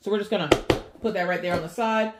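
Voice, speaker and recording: A woman hosting an unboxing vlog, chatty and excitable, talking straight to her viewers. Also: mid-range voice, fast talker, very noisy. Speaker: craft channel host.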